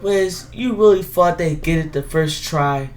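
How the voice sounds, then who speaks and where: A woman's voice: low-pitched, a little slow, a little mellow. A woman doing a laid-back teasing buddy. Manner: casual, teasing. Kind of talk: comedy sketch acting.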